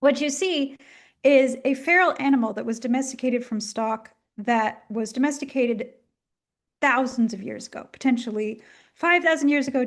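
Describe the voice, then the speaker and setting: A woman giving a chatty, enthusiastic talk with many ums and asides, coughing now and then as she gets over a flu. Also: a little high. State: coughing, at the tail end of a flu. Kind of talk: casual illustrated lecture.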